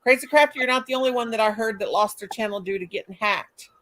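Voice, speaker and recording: A woman's voice: a little high, fast talker, a bit bright. An older woman hosting a casual live stream, chatting, greeting viewers by name, and humming and singing to herself between remarks.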